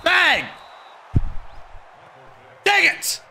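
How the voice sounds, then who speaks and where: A man's voice: very high-pitched, wildly swooping pitch, very slow, a little hiss or hum. Hyped young man streaming a game. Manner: hyped, cocky trash talk, yelling at the game. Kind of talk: live gaming stream commentary.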